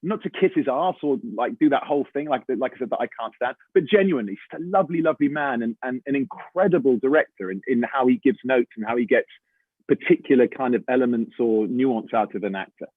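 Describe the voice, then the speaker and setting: English man, middle-aged, animated storyteller, slightly husky, recorded through a tinny call line. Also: medium pitch, quick pace, no room sound. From England. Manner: animated storyteller, chatty, says mate and man a lot. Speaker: voice actor guest. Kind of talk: casual panel chat.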